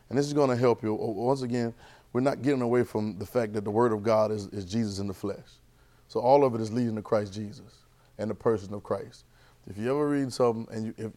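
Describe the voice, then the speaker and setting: A man teaching a church Bible class, lively and conversational, repeating phrases and asking the class questions. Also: medium pitch.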